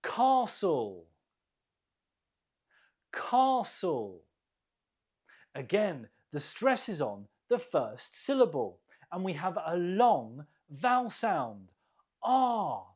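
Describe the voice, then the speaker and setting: An English teacher leads a quiz for learners, speaking very slowly and carefully and saying every word twice. Her husky voice rises and falls in a lively way as she deliberately explains where the stress falls.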